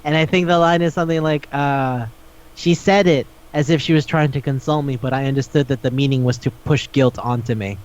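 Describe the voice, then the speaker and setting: A man's voice: medium pitch, fairly even intonation, fairly quick. A man co-hosting a casual podcast chat, talking animatedly, swearing often and acting out characters' lines as he retells a story. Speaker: podcast co-host. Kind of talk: casual chat recapping a manga. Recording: dull lo-fi recording.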